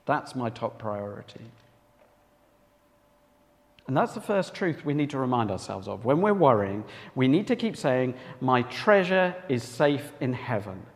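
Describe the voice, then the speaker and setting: A man's voice: mid-range voice, sing-song, a little slow. A man preaching a sermon with emphasis, often asking his listeners rhetorical questions. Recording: long reverb of a hall.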